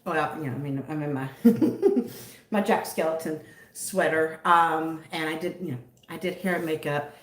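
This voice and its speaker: Speaking unhurriedly in a low-pitched voice with a roomy sound, this Southern American livestream host greets her viewers by name. Her chat is relaxed and sprinkled with giggles.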